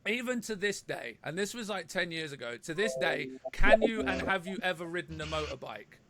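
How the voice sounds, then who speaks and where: A man's voice: high voice, lively intonation, a little fast, over a noisy crowd. A man, a band member, prompting a bandmate and retelling a shared memory in casual chat.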